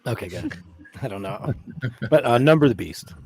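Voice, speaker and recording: A man's voice: mid-range voice, lively intonation, moderate pace, darkish tone, a little hiss or hum. A man in casual chat, wry and joking, a little profane.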